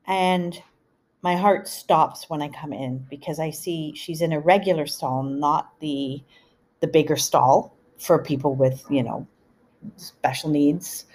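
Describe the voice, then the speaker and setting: A middle-aged woman hosting a podcast, telling a family story in an animated, chatty way full of asides. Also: low voice, slow pace. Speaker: podcast host. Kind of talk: storytelling monologue.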